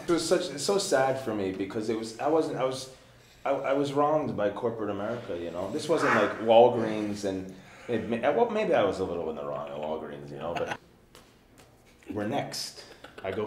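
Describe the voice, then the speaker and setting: A man's voice: mid-range voice, animated, moderate pace. A man telling a rambling, profane anecdote as a guest in casual chat, acting out the quoted lines. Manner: profane storyteller who yells out the quoted lines. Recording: roomy echo with faint noise.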